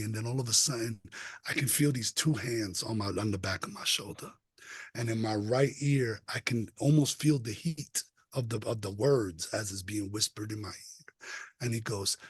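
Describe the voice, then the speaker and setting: A man's voice: medium pitch, moderate pace, breathy edge, no echo. A man on a podcast telling a personal story in an earnest, emphatic, casual way. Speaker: podcast guest.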